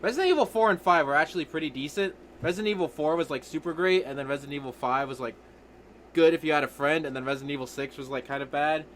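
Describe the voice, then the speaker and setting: A young man hosts a casual gaming podcast, joking around and quick to tease his friends in an animated way. His voice is a little high, with slight background noise.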